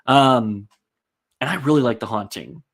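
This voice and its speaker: A man's voice: medium pitch, a little slow, a bit bright. Chatty man hosting a casual live-stream. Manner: rambling and chatty, many ums and likes, reads and answers chat comments.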